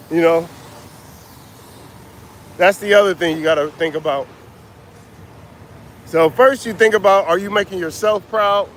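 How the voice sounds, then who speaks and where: A middle-aged man speaks in a high, breathless voice while coaching viewers on a livestream. He is outdoors beside a street, and faint traffic hums behind him. His talk is casual and unhurried, and he greets viewers by name as he goes. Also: a bit bright. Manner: casual, reads out viewer names. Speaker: motivational coach.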